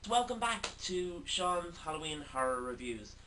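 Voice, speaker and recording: A man's voice: on the high side, sing-song, normal speed, distant mic. Brief: male host of a casual film review, hesitant and filler-heavy delivery, recorded some way from the mic with faint noise underneath. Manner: hesitant, with many "sort of" and "um".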